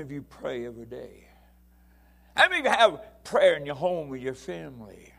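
An older man preaching a sermon, telling folksy rambling stories that break into fiery shouted bursts. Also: on the high side, sing-song, normal speed, vocal fry, slightly rough.

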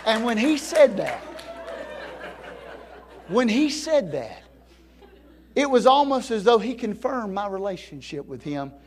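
A middle-aged pastor preaching a sermon, swinging from soft, low passages to loud, fervent peaks. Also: male voice, sing-song, unhurried, pauses often, a faint crowd. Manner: rising to near-shouting peaks of preaching fervor, then dropping low and soft.

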